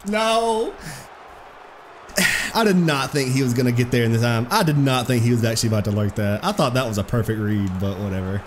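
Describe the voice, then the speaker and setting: A young man giving excitable, profane live commentary over his own football video game match, trash-talking his opponent. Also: mid-range voice, fast, noisy background. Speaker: gaming streamer.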